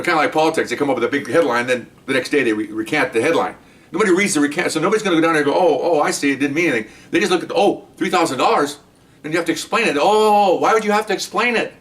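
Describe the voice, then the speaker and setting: A man's voice: on the high side, fairly bright tone, distant mic. An older man, a retired police detective, telling stories from his career in a blunt, wry way and acting out both sides of the conversations. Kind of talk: casual storytelling.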